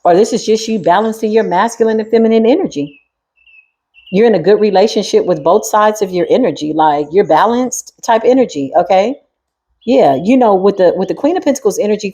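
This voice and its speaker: A woman's voice: mid-range voice, a little fast, mellow, breathy edge. A woman doing a spiritual tarot reading in a sassy, streetwise style, talking straight to the viewer and to the spirit. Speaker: tarot reader.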